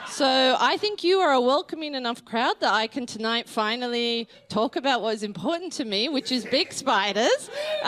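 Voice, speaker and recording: A woman's voice: high voice, fairly bright tone, a little hiss or hum. An Australian woman performing a stand-up comedy set in a club, rambling and breaking off with laughs. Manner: rambling, self-interrupting, laughing through lines. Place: comedy club stage with live audience.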